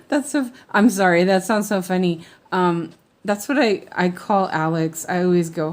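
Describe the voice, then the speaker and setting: A woman's voice: on the low side, unhurried, pauses often. A woman chatting casually while she stitches, often mumbling to herself as she works and laughing at her own mistakes. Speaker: cross-stitch crafter. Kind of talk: casual stitch-along chat.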